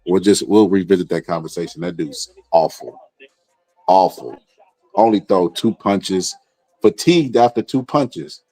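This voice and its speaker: A man with a very low voice hosts a live stream and gives casual commentary. He is blunt and mocking, and he repeats his points. His voice is dry and close to the mic. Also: a little slow, warm tone, dry recording, faint music behind. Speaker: livestream host reacting to a boxing broadcast.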